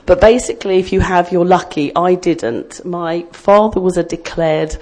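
A woman's voice: on the low side, normal speed, dark tone. A middle-aged woman from Australia giving a chatty, self-deprecating personal testimony to a church group, rambling a little as she tells her story.

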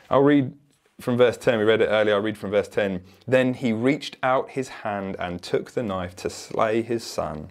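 A man's voice: lowish voice, expressive, normal speed. A man preaching a sermon in an earnest, emphatic way.

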